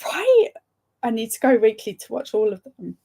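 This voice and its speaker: A woman's voice: on the high side, big pitch swings, moderate pace, gravelly, mellow, husky. A young woman hosting a live stream, chatting casually, laughing often and answering viewer comments. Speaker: livestream host.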